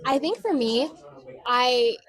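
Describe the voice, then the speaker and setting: A woman's voice: sits high, lively intonation, slow. A young woman in her late teens, a college-audition student, talking in a bubbly, emphatic way. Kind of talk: casual chat.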